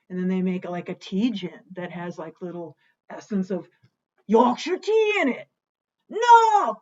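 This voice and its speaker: A woman's voice: medium pitch, a little mellow, highs cut off. A woman hosting a casual home cocktail vlog, talking in a playful, jokey way and bantering with herself by name. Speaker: host of a home cocktail show.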